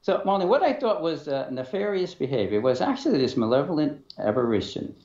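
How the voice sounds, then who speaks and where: A man's voice: a little high, very animated, darkish tone. Hesitant man telling an eerie story. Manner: halting, many fillers and restarts, acts out dialogue. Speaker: interview guest. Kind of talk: telling a personal story in an interview. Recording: dull, roomy sound.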